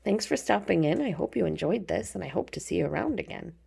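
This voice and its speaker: Low gravelly-voiced woman reading tarot. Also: expressive, quick pace, darkish tone. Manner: chatty, informal, frequent ums, affectionate terms. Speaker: tarot reader. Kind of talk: casual pick-a-card tarot reading.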